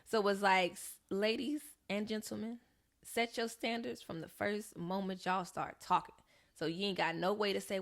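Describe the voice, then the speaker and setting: A young woman tells a story on her podcast, and her voice has a gravelly edge. She chats casually and slips into the voices of the people she quotes. Her pitch sits in the middle for a woman. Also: steady tone, normal speed, a bit bright. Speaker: podcast co-host.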